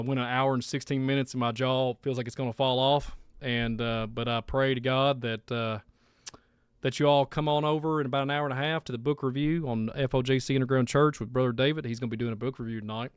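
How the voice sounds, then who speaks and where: A man's voice: medium pitch, smooth, no room sound, clean studio sound. A man hosting a live stream, rambling and heartfelt as he thanks viewers and signs off. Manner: rambling, heartfelt, repeats himself. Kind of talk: casual live stream sign-off.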